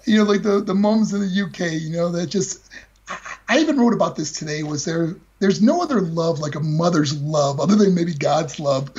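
An older man with a very husky voice, telling a personal story in an earnest, heartfelt way with many repeated words. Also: on the high side, a little mellow. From United States. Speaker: guest speaker. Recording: dull lo-fi call audio.

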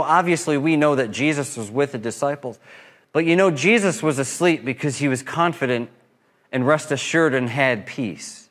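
Man, pastor, high voice, impassioned sermon, loud peaks, soft slow drops. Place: church.

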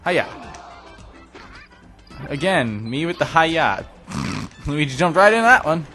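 An excitable young man talks over a video game, his pitch swinging widely between grumbles and yelps. He speaks slowly and mocks his own play. Faint music plays underneath. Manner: excitable, self-deprecating, given to sudden yelps. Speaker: let's play commentator. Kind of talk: casual gameplay commentary.

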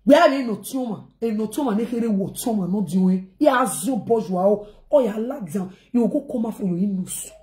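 A woman with a Nigerian accent speaks straight to her viewers in a loose, rambling rant, circling back over the same phrases again and again. Her voice sits at an ordinary middle pitch, and she slips pidgin expressions into her talk. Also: lively intonation, fairly quick, hardly any pauses, mellow.

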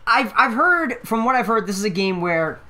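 A man's voice: high-pitched, big pitch swings, moderate pace, bright, forceful tone. A young man hosting a let's play, talking casually with lots of fillers and swearing. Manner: rambling with frequent fillers and swearing. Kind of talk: casual gaming commentary.

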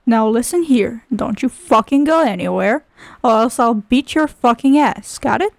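High-pitched woman gamer swearing and scolding, real animated delivery. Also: moderate pace, vocal fry, slight background noise. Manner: foul-mouthed, exasperated scolding. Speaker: gaming video creator. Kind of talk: comedic let's-play commentary.

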